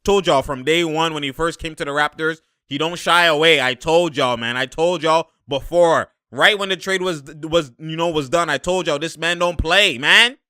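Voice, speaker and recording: A young man talking casually and excitably as he reacts to basketball footage, laughing and using slang. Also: on the high side, normal speed, few pauses, clean tone, no room sound, studio quality. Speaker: sports commentator reacting to game footage. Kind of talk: casual live game reaction.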